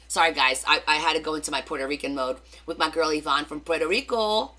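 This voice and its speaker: A woman's voice: low voice, fast, few pauses, sharp tone. A middle-aged woman with a New Jersey accent, hosting a craft livestream, chatting casually and greeting viewers by name with rambling asides.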